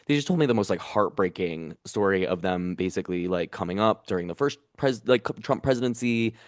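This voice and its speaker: A man's voice: low-pitched, a little fast, no echo, studio quality. Man, comedian guest, casual chat, emotional rambling storyteller, resonant voice. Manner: emotional, animated storytelling with many fillers.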